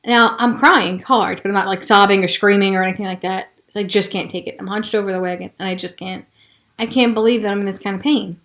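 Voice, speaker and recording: A woman hosting a podcast, telling a personal story in a frank, profane way, moving from hushed recounting to heated frustration. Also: medium pitch, steady tone, brisk. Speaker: podcast host.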